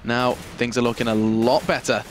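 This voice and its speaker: Male game caster, analytical play-by-play on headset, middle pitch. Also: level tone, moderate pace, faint music behind. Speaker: esports commentator. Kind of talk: live esports commentary.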